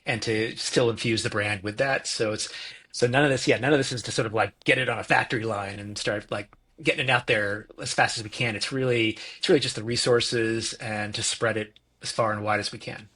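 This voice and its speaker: A man's voice: fairly low pitch, steady tone, brisk, pushed and bright. A man co-hosting a podcast, thinking aloud in a casual, hesitant way with frequent ums. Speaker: podcast co-host and business partner. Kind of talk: casual business chat.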